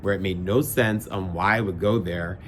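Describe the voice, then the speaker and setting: A young man talking casually to his viewers at night indoors, relaxed and reflective, rambling with fillers. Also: sits low, moderate pace, a little hiss or hum. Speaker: vlogger. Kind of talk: casual late-night vlog talk.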